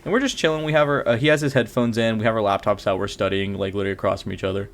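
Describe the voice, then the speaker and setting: A young man co-hosting a podcast, telling a story in a casual, animated way, laughing often and acting out the people in it. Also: lowish voice, racing. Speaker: podcast co-host.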